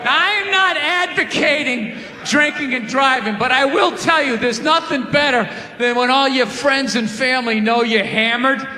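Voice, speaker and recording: A male comedian yelling his stand-up rant with a high, sharp voice. His shouts ring out through a large hall with a long echo. A crowd and faint noise sit underneath. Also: moderate pace. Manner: shouting, loud and exasperated, acting out people. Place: large comedy venue on stage.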